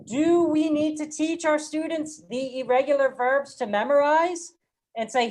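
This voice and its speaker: A woman running a workshop for teachers, explaining ideas slowly and carefully and chanting example phrases to show their rhythm. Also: sits high, a little mellow, a little hiss or hum, rough recording. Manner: slow, deliberate, demonstrates rhythm by chanting. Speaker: teacher trainer.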